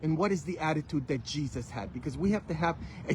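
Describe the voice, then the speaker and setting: Priest man preaching, lively up-and-down voice, pitched a bit high, asks the room questions, faint hum behind. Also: brisk, hardly any pauses. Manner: emphatic, rhetorical questions, sudden loud peaks. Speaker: Catholic priest. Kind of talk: sermon.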